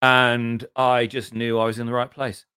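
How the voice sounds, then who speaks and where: A middle-aged man from southern England with an English accent, a podcast guest telling long, self-deprecating anecdotes in casual conversation and often clearing his throat. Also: medium pitch, flat delivery, normal speed, pushed and bright, no echo, clean studio sound. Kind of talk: casual interview storytelling.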